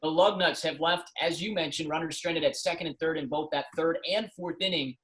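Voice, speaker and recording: A man's voice: on the high side, fairly quick, fairly bright tone, rough recording. A man giving conversational, analytical baseball color commentary.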